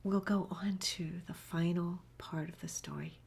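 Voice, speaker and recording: A woman's voice: lowish voice, steady tone, unhurried, darkish tone, husky. A woman working as an animal communicator, telling a story to camera in a chatty way, with frequent fillers and restarts.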